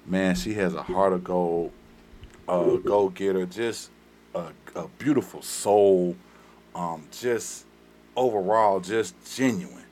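A man's voice: deep voice, slow pace, darkish tone. A man with a Southern US accent hosting a podcast, hyped and slangy, repeating himself as he chats. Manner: hype, repetitive, slangy. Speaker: podcast host. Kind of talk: casual podcast chat.

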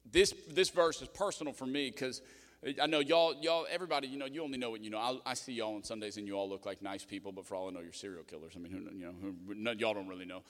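Pastor preaching in a reverberant hall. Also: male voice, on the low side, fairly even intonation. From Louisiana, USA. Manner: conversational storytelling, emotional, quick asides. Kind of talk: sermon. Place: church sanctuary. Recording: long reverb of a church hall.

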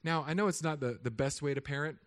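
Animated man preaching with humor. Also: a little high, fast talker. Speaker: pastor. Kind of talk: sermon.

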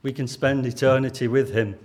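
A man's voice: medium pitch, steady tone, fairly quick, a little mellow. A man with a Lancashire accent delivers a sermon. He speaks earnestly and plainly, as if chatting, and keeps turning questions back to the people listening. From Lancashire, England. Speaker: preacher.

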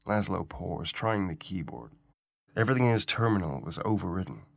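A man reading a science-fiction short story aloud as guest reader, in a measured, unhurried storytelling style, on a close studio mic. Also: low voice, big pitch swings, creaky, breathy edge, no echo. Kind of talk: scripted narration.

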